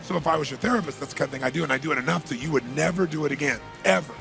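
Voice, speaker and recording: A man giving a motivational talk, telling a story with animated, rising bursts. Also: a little high, very fast, vocal fry, over music. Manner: animated, builds to loud bursts. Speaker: motivational speaker.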